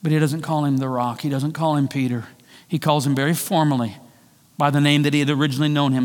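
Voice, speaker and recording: A man preaching a sermon, retelling a story and acting out the voices in it, shifting between loud and hushed delivery. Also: on the high side, fairly even intonation, fast talker. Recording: long hall reverb.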